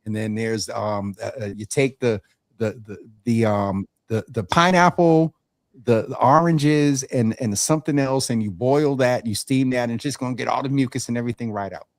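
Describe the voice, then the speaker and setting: Male host, folksy and animated, stammers through restarts, dry close sound. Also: mid-range voice, moderate pace, no echo. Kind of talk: casual health talk show.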